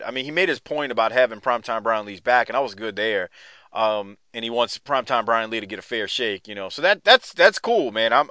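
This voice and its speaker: A man from New Orleans, Louisiana hosts a casual podcast chat about old wrestling, laughing often and rambling with plenty of restarts. His medium-pitched voice sounds bright and forceful, clean with no echo.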